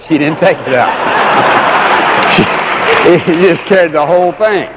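A man's voice: on the high side, a crowd in the background, noisy background. Man preaching, earnest, drags out the big lines and says them again, long echo from a big hall. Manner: earnest, slows down and repeats key phrases for emphasis. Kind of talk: sermon. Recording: long reverb of a large hall.

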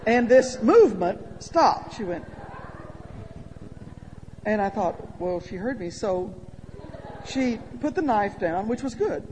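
A woman speaking to an audience, telling a funny personal story with animated timing that drops to a hush at quiet moments. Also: on the high side, a little slow. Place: large hall with audience. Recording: long hall reverb, faint background noise.

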